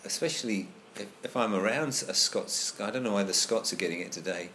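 Man, low voice, casual group discussion, hesitant, many restarts, faint background noise. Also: brisk, sharp tone.

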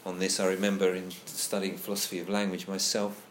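A lowish-voiced man speaks fast and in a monotone during a relaxed group conversation. Thoughtful but hesitant, he keeps looping back and restarting his sentences as he thinks aloud, over a faint hiss.

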